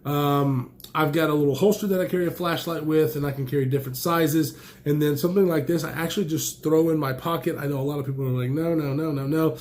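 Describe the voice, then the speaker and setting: A man's voice: on the high side, fairly even intonation, fast talker, a little mellow. A man chatting casually while unboxing knives and flashlights, enthusiastic and rambling, a bit stuffy from allergies. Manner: enthusiastic, rambling, exclaims often. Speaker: knife and gear reviewer.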